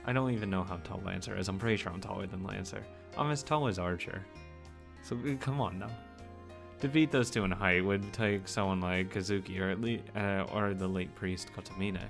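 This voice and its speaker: A low, gravelly man reads a visual novel aloud line by line. He drops into playful, joking commentary between the lines, keeping a casual let's-play tone. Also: a little fast, faint music behind. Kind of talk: reading a visual novel aloud with jokey asides.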